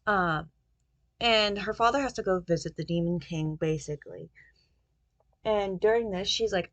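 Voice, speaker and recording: A woman's voice: mid-range voice, normal speed, pauses often, no room sound. A woman casually recapping a romance novel's plot, rambling with lots of fillers like um and basically. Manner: rambling retelling with many fillers. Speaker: book reviewer.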